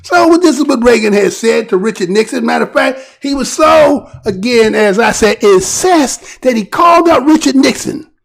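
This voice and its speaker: High gravelly-voiced American male commentator. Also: expressive, normal speed, hardly any pauses. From United States. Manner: rambling, conversational, keeps asking "right?". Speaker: channel host giving news commentary. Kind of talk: casual spoken news commentary.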